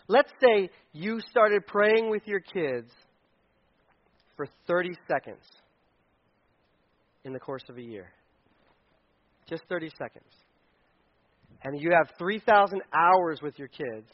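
A man's voice: sits high, animated, slow pace, pauses often. A man preaching a casual, joking sermon to parents, acting out little scenes in funny voices. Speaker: pastor speaking to parents. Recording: dull lo-fi sound.

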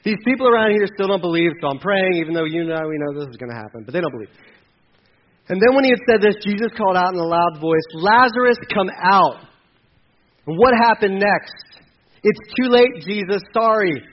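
A man's voice: high voice, expressive, quick pace, lo-fi sound. A man preaching a sermon with passion, acting out the voices from the scripture story. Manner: impassioned, acts out voices from the scripture. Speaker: pastor.

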